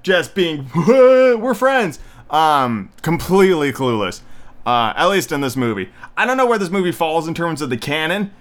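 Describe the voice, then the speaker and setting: A young man talks through a movie review in a loose, rambling way, blunt and full of fillers. His voice sits a touch high and sounds bright and forward. He is slightly out of breath. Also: very animated, normal speed. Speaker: podcast host reviewing movies. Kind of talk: casual solo review.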